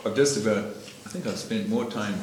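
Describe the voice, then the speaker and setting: A man's voice: on the low side, moderate pace, noisy background. A middle-aged man tells his life story over a meal, rambling and laughing often. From New Zealand. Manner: rambling, laughs often, many fillers and restarts. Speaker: interviewee giving a personal testimony. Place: echoey dining room with dishes clinking. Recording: echoey room with loud background clatter.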